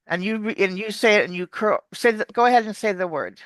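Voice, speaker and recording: An accent coach giving explanatory interview answers like an animated teacher, demonstrating words. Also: mid-range voice, fast, dry recording.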